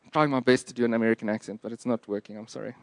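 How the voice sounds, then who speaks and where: A man's voice: medium pitch, steady tone, rapid-fire, no room sound. A man preaching a sermon in an earnest, emphatic and plain-spoken way. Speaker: pastor.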